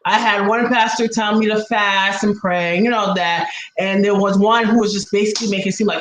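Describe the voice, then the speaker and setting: A woman's voice: mid-range voice, fairly even intonation, brisk, hardly any pauses, roomy sound. A woman hosting a casual chat, telling a personal story in an emotional way, close to tears. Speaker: host.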